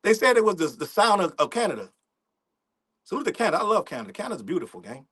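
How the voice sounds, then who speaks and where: A man's voice: high voice, very animated, fast talker, a bit bright, slightly rough. A young man hosting a casual livestream, talking in loose slang, rambling, laughing often and reading out the chat. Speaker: livestream host.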